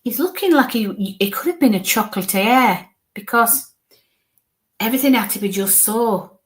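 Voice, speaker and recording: A psychic medium gives a halting live reading, pausing to murmur coaxing asides under her breath. Her voice is a little high and expressive, picked up by a live stream mic.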